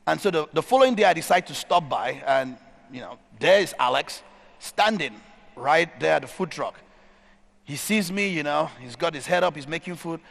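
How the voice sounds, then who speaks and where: A man's voice: a little high, lively intonation, moderate pace, creaky, fairly bright tone. A man giving a conference keynote, telling a story and stressing points by repeating them. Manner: storytelling, emphatic repetition. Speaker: keynote speaker. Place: conference stage in a large hall. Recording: hall reverb.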